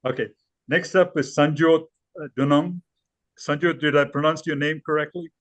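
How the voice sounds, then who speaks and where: A man moderating a candidate forum over a video call, briskly calling on each speaker and prompting them to unmute. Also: fairly high pitch, fairly even intonation, fairly bright tone, dry recording.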